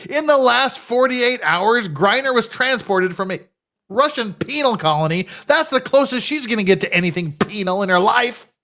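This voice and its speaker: A man's voice: extremely high pitch, expressive, normal speed, sharp tone. Profane, sarcastic male rant host. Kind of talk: ranting commentary.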